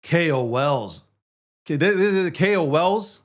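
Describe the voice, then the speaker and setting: A man's voice: a little high, animated, slow. A man hosting a show, ranting in heated, profane, sarcastic commentary. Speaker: show host.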